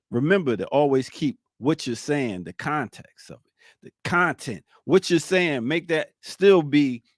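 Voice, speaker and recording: A man's voice: medium pitch, dry recording, studio quality. A man hosting a morning talk show, reflecting on a topic and posing questions to his co-hosts. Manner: reflective, poses questions to the panel. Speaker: host. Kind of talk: talk-show monologue and discussion.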